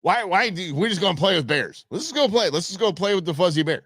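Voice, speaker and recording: A man's voice: high voice, sing-song, fast, a bit bright, dry recording. Rambling male host with dry sound. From United States. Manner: rambling, chuckling, with many fillers. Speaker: show host. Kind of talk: casual commentary on viral videos.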